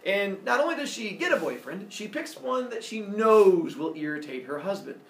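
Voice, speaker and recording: A man's voice: sits high, big pitch swings, normal speed, a bit bright, a little hiss or hum. A man teaching a class, retelling a myth in a playful, jokey way. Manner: playful, jokey, laughing often. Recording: echoey classroom from far off.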